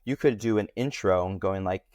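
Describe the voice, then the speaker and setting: A man speaking as a podcast guest in a casual interview, talking animatedly with lively jumps in pitch. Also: moderate pace, a little hiss or hum.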